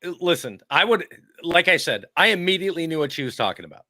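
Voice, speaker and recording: A man's voice: on the high side, very animated, fast, pushed and bright, dry recording, studio quality. A man co-hosting a podcast, chatting casually and teasing the others. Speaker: podcast co-host.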